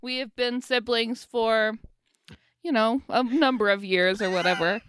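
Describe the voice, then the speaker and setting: A young woman co-hosting a podcast in casual comedic chat, sarcastic and quick to laugh. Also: on the high side, steady tone, fairly bright tone, clean tone, no room sound, clean studio sound. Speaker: podcast co-host.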